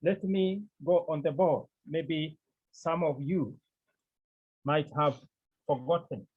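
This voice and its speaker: A man teaching a class, speaking slowly and repeating key terms as he explains step by step. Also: a little high, husky, narrow, tinny audio. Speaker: Greek teacher. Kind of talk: classroom lesson.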